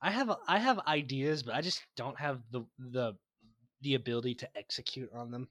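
A man's voice: mid-range voice, normal speed, fairly bright tone, no echo, studio quality. A man co-hosting a podcast in casual chat, rambling through stories and laughing often. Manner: giggly rambling storyteller. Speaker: podcast co-host.

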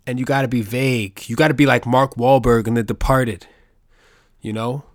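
A man's voice: medium pitch, fairly even intonation, fairly quick, no room sound. Man, new york accent, podcast host, rambling and profane, dry close mic. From the Bronx, New York City. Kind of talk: casual solo podcast monologue.

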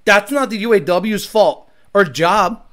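A man's voice: sits high, a little slow, fairly bright tone. A man who owns a car tuning shop, ranting bluntly and with profanity while hosting a live show. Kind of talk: casual ranting livestream.

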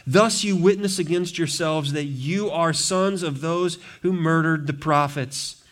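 A male pastor preaching a sermon emphatically, swinging between loud declarations and quiet asides. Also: fairly high pitch, measured pace.

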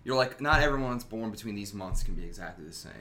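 A man's voice: lowish voice, expressive, fast talker, bright, forceful tone. A man guest on a podcast, chatting casually and making dry jokes. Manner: dry, joking. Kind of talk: casual chat.

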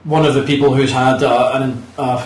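Here the same kind of co-host, a man, keeps a flat, medium-pitched delivery at a moderate pace. Positioned far from the mic in a room with echo, he chats casually about a film with wry, dry sarcasm and the occasional offhand swear.

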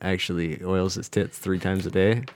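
A man's voice: deep voice, level tone, normal speed. A man co-hosting a comedy podcast, tossing in dry quips. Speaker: podcast co-host. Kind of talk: casual comedic chat.

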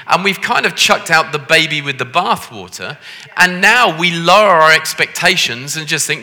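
A man's voice: on the high side, expressive, normal speed, sharp tone. A man with a Liverpool accent, preaching a jokey, conversational sermon into a handheld microphone in a church. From Liverpool, England. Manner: jokey, self-deprecating, conversational. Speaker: visiting preacher. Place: church hall. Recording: reverberant church hall.

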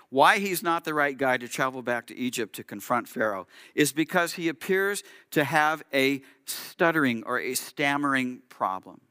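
A male rabbi preaches a sermon, explaining as he tells the story and acting out its quotes. His voice is forceful and tense. The sound is close and dry. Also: medium pitch, clear, resonant tone, no room sound.

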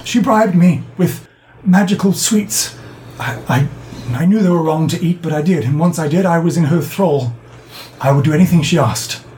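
Brief: frail, remorseful old man, high wavering voice, stammering apologies, put on by a male game master. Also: darkish tone, slight background noise, lightly acted. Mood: confessing. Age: over 60. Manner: trembling, halting apologies.

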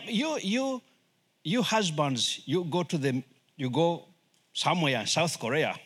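A lively male preacher delivering a sermon, his fairly high voice swooping up and down as he repeats phrases for emphasis. He acts out the people in his stories and keeps the crowd with him. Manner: animated, repeats words, acts out quoted voices. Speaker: guest preacher, missionary.

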